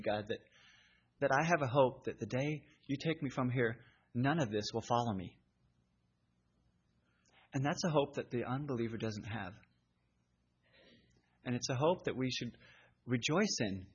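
A man's voice: mid-range voice, husky. A man preaching a sermon in an earnest, conversational way. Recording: dull lo-fi recording.

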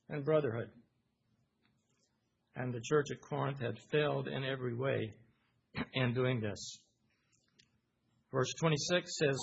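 A man's voice: fairly high pitch, breathy edge. A man preaching a sermon, reading verses aloud and explaining them, repeating phrases for emphasis. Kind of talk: sermon reading and expounding Scripture. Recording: dull lo-fi recording.

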